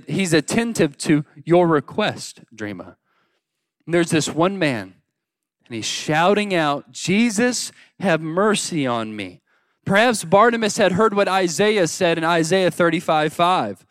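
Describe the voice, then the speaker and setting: High-voiced man preaching with dramatic swings. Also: no room sound, clean studio sound. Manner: dynamic preaching, swings between loud cries and hushed lines; acts out the biblical cries in a pleading shout. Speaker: pastor. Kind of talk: sermon.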